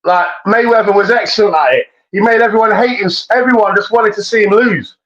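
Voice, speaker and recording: Man, high voice, blunt, swears a lot, slangy, muffled lo-fi mic. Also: fairly quick, a crowd in the background. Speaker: podcast co-host. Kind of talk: casual boxing chat. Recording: dull lo-fi mic.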